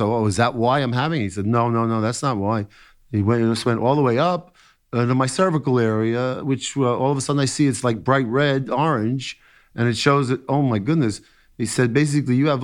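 A middle-aged man, a therapist, telling his own story in an interview, halting with many fillers and restarts and an occasional joke. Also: lowish voice.

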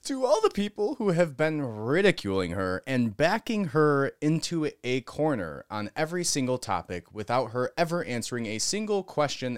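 A man's voice: medium pitch, clean tone, no echo, studio quality. A young adult man giving sarcastic reaction commentary on a clip. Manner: sarcastic, mocking. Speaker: political commentator.

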